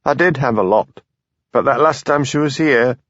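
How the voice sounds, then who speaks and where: A man voicing a small, sharp-tongued woman designer with a Yorkshire accent who answers curtly and defensively in an audiobook. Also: mid-range voice, moderate pace, no echo, lo-fi sound, voice pushed up, close to an everyday voice. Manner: curt, defensive, prickly.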